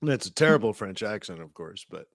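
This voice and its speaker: A man's voice: fairly low pitch, gravelly, dry recording, clean studio sound. A man hosting a live market-analysis stream, talking casually and rambling with many fillers and restarts.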